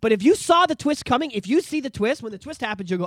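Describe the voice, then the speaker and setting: A man hosting a casual podcast, ranting excitedly about movies and swearing freely. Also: very high voice, fast, no echo. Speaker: podcast host. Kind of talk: casual chat.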